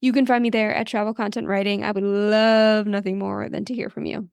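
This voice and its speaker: Upbeat podcast host, woman with vocal fry. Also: mid-range voice, level tone, brisk, darkish tone. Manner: chatty and upbeat, laughs at herself. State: tired. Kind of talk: podcast outro and shout-out.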